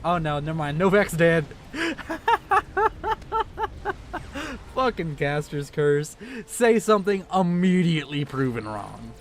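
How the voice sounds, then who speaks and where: A young man casting a strategy video game, excitable and joking, swearing freely as he reacts to the action. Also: on the high side, moderate pace, slight background noise. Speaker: game caster. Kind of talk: casual profane game commentary.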